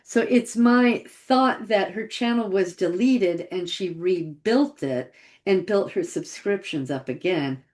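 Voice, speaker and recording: A woman's voice: mid-range voice, takes it slowly, darkish tone. A middle-aged woman recounting a personal story in a casual, reflective way, often quoting what she thought and said at the time. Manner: conversational, reflective, quotes her own past thoughts.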